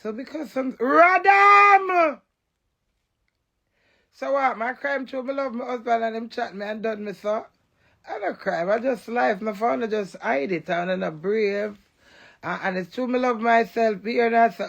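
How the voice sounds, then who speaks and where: A woman's voice: a little high, moderate pace, creaky, muffled recording. A Jamaican woman in a defiant, emotional live rant, cursing and repeating phrases in a chant.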